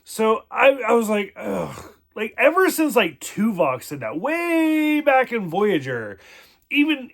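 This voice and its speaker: High-voiced man rambling casually. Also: wildly swooping pitch, unhurried, fairly bright tone. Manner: rambling, profane, many "like" fillers. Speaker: TV episode reviewer. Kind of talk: casual spoken review.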